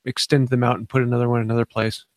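A man's voice: medium pitch, little pitch movement, rapid-fire, no room sound. A man on a casual live stream, giving brief practical explanations.

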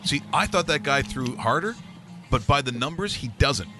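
A man's voice: fairly high pitch, animated, normal speed, over loud music. A man hosting a live sports talk show, chatting casually and telling rambling stories with many restarts.

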